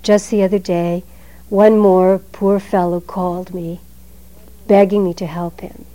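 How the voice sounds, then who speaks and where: A woman delivers a Zen dharma talk at an unhurried pace. Her tone is mellow and her phrasing is measured and emphatic, with line endings that fade away quietly. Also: lowish voice, little pitch movement, low-quality recording.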